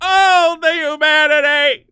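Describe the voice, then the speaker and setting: A man's voice: very high voice, fairly even intonation, rapid-fire, no echo, pitched above the performer's own voice. A man voicing a melodramatic adult male superhero, wailing and sobbing in an overwrought parody.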